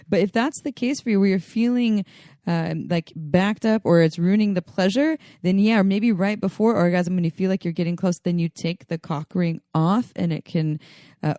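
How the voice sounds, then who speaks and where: A woman's voice: lowish voice, dark tone, dry recording, clean studio sound. A woman co-hosting a podcast in casual chat, explaining things frankly and laughing easily. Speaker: podcast co-host.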